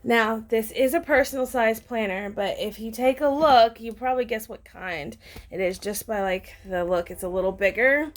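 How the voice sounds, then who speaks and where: Gushing, excitable woman vlogger. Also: on the high side, normal speed. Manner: gushing and excitable, many fillers. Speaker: planner vlogger. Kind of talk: casual unboxing chat.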